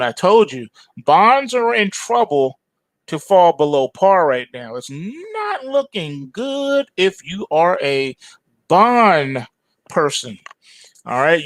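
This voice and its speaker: A man's voice: a little high, dry recording, rough recording. Emphatic man giving a dramatic market report. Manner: emphatic, dramatic, keeps addressing ladies and gentlemen. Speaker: trading analyst host. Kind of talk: end-of-day market report over charts.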